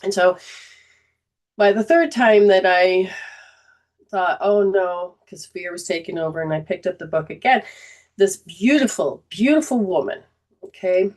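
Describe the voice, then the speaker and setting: A woman's voice: mid-range voice, unhurried, pauses often, a little mellow. A middle-aged woman hosting a spiritual healing show, telling a personal story with feeling and choking up as she goes. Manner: emotional, chokes up and laughs through tears while telling a story. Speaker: host.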